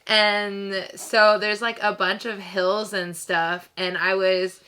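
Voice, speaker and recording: A woman co-hosting a podcast in casual chat, talking in an unhurried, hesitant way. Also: medium pitch, flat delivery, pushed and bright, smooth. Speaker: podcast co-host.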